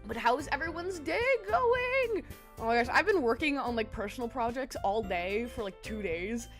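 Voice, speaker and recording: Bright, lively young-sounding woman streamer. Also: fairly high pitch, normal speed, faint music behind. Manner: chatty and giggly, greets viewers. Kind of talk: casual livestream chat with viewers.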